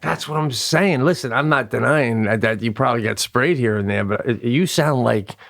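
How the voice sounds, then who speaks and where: A man's voice: medium pitch, normal speed, gravelly, fairly bright tone. A man co-hosting a comedy podcast, riffing and building absurd jokey bits. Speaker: co-host.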